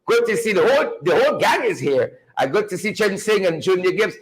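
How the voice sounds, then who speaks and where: Guyanese male host, high-pitched and very animated, calls out viewers one by one. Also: brisk, low-quality recording. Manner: animated, playful, repeats phrases for emphasis. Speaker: livestream show host. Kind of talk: lively livestream welcome, greeting viewers by name.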